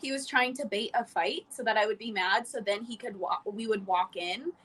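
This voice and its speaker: A woman's voice: mid-range voice, fairly bright tone, slightly rough, rough recording. A young woman from Florida telling her story as a guest in a casual chat, quoting old conversations in a chatty way. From Florida, USA. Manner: quick, chatty, quotes conversations.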